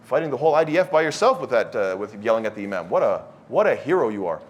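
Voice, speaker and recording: A man's voice: medium pitch, big pitch swings, quick pace, a little hiss or hum, pitched below the performer's own voice, lightly acted. A man mocking a boastful self-styled tough guy. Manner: sarcastic, mocking.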